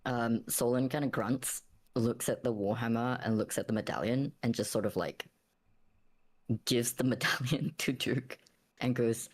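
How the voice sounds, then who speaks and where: A man's voice: mid-range voice, measured pace. A man playing a tabletop game, describing his character hesitantly with many fillers. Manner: hesitant, full of ums and likes. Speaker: player.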